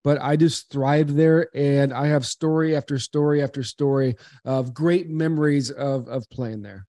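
A man in his forties from Southern California, a podcast guest telling earnest, animated stories with frequent restarts. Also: mid-range voice, measured pace, no room sound, clean studio sound. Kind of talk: casual interview storytelling.

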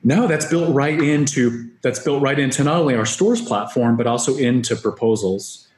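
Man, podcast guest, upbeat business talk, restarts, middle pitch, echoey room. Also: normal speed, a little mellow. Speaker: software company guest. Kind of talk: podcast interview. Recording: roomy echo.

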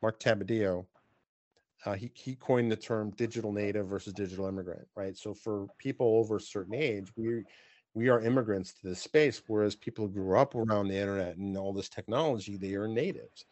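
A middle-aged man with a New York accent, hosting a casual panel chat and telling animated stories with many fillers. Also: lowish voice, a little fast, no room sound. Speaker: podcast host.

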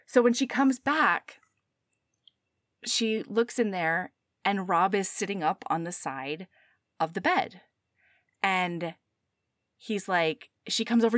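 A woman's voice: takes it slowly, pauses often, dry recording, clean studio sound. A young woman co-hosting a casual podcast, retelling a book plot and acting out the characters' lines. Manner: animated, acts out characters' lines with big pitch swings. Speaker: podcast co-host.

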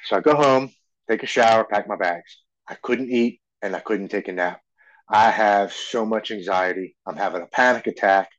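A man in his forties telling his own story as a podcast guest, earnest and halting, often restarting his sentences. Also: on the low side, a bit bright, lo-fi sound. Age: 40s. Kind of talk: personal recovery story.

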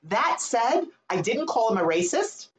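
A woman telling a personal story in casual conversation, candid and animated, and swearing freely. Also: a little high, a little slow. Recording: roomy echo.

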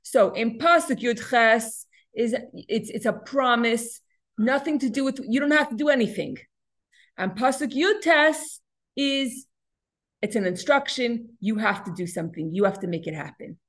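A woman's voice: a little high, expressive, moderate pace, a bit bright. Woman teaching a Torah lesson. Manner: explanatory, asks and answers her own questions; frequent restarts and repeated words.

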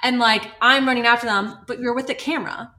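A young woman with a bright, forceful voice tells lively field stories in a relaxed podcast chat. She laughs often and slips into quoting others, and her pitch sits a little high. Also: quick pace. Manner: animated, laughing, quotes people often. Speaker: guest, wildlife filmmaker. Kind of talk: casual podcast storytelling.

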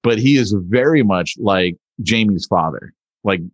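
A man co-hosting a casual podcast chat, telling family stories in a relaxed way. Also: on the low side, unhurried, breathy edge, no echo. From Southern California. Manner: relaxed storytelling. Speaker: podcast co-host.

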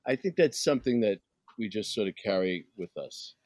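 A man's voice: lowish voice, normal speed, no echo. Wry Brooklyn-raised man guest. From Brooklyn, New York. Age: middle-aged. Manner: relaxed, wry, self-deprecating. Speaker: guest actor. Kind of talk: casual interview chat.

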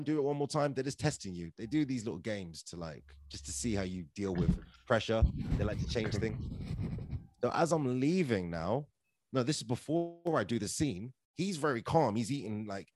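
A man's voice: fairly low pitch, normal speed, dry recording. Chatty man telling stories. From London, England. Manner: chatty, animated, filler-heavy with "like" and "right?". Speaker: podcast guest, actor and comedian. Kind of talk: casual storytelling.

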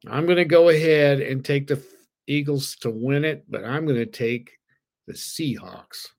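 A man's voice: medium pitch, unhurried, gravelly, darkish tone. A man co-hosting a sports betting podcast, giving picks in an easygoing way and thinking aloud with fillers. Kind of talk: casual sports betting chat.

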